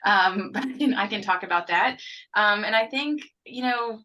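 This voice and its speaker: A woman's voice: mid-range voice, normal speed, pushed and bright, poor audio. A woman co-hosting a webinar panel over a video call, chatty and casual as she introduces herself and hands over to the guests. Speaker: webinar co-host, economist.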